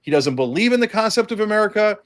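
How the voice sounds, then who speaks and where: A man's voice: sits high, animated, fast. A man who is a political candidate, making his case in an interview in a sarcastic, combative way. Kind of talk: impassioned political interview talk.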